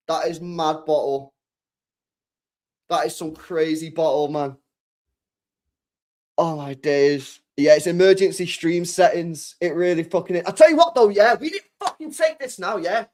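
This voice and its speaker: A young man reacting live to a football match on his stream, excitable and sweary, repeating his lines. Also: high-pitched.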